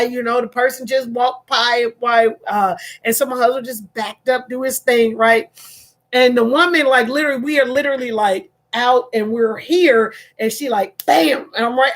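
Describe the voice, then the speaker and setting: A middle-aged woman talks through a personal story for her vlog in an animated, casual way. She laughs often and circles back over her words. Her voice sits high and sounds bright. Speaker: vlogger.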